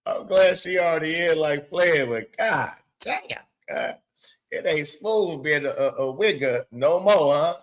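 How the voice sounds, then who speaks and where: A man hosting a show, giving loose, excitable live reaction commentary with lots of swearing and laughing asides. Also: on the high side, slow. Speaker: show host.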